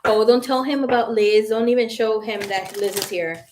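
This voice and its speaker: A woman in her early thirties, a psychic tarot reader hosting a casual livestream, telling stories in an animated, profane way and laughing often. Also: a little high, normal speed, a little hiss or hum. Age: early 30s.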